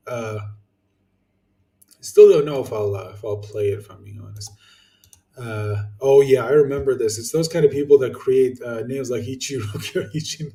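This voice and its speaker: A man's voice: mid-range voice, dark tone, roomy sound, recorded from a distance. A young man ranting casually to his viewers, blunt and swearing, with lots of fillers and restarts. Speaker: YouTuber answering viewer comments.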